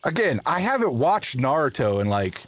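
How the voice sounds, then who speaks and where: A man hosting a live gaming stream, chatting casually with viewers and laughing at himself in a playful, animated way. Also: medium pitch, normal speed, a little hiss or hum. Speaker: livestream host. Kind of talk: casual chat while gaming.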